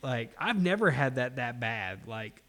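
A man, hosting a casual podcast chat and telling a story with animated, heavy swearing. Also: mid-range voice, unhurried. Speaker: podcast host.

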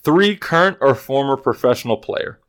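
A man's voice: medium pitch, expressive, normal speed, a bit bright, clean tone. A young man hosting a casual sports podcast, rambling with restarts and sarcastic asides. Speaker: podcast host. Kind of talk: casual chat.

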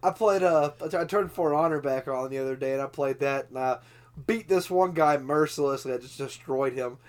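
A man's voice: medium pitch, fairly quick. A man co-hosting a casual gaming podcast, rambling with lots of restarts. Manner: rambling with restarts and fillers, animated. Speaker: podcast co-host.

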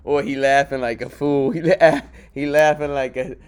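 A man's voice: mid-range voice, steady tone, normal speed, clean tone. Crude, mocking man in podcast banter. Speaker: podcast co-host. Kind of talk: casual podcast chat.

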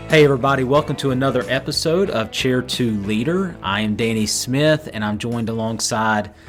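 A man's voice: medium pitch, normal speed, soft background music. Joking male host. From American South. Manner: joking, teasing, rambling. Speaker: podcast co-host. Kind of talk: casual chat.

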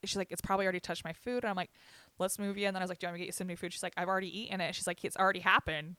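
A young woman co-hosting a podcast, venting bluntly with lots of swearing and telling animated stories between laughs. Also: lowish voice, racing, dry recording. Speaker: podcast co-host. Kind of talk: casual chat.

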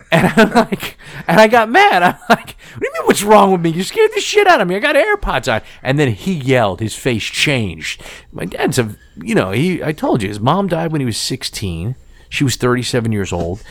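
A man in his forties, with a mid-range voice and no echo, tells a family story in casual conversation. He's animated, swears freely, and acts out the voices of the people he quotes.

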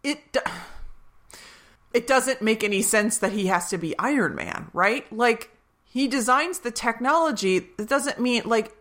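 Young adult woman, podcast co-host, bright tone, animated and giggly. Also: a little high, measured pace. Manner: animated, laughs often, acts out quotes. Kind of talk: casual movie recap chat.

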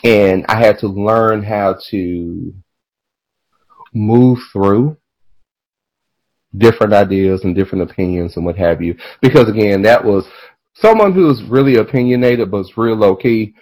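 A man hosting a podcast in casual chat, animated and profane, drifting into tangents and laughing as he talks. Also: fairly low pitch, unhurried, low-quality recording. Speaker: podcast host.

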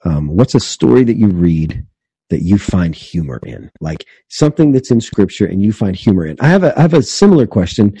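A man's voice: fairly low pitch, big pitch swings, fairly quick, mellow, slightly rough, dry recording. A man hosting an interview, asking questions and rambling earnestly. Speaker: podcast host for preachers. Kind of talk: casual interview talk.

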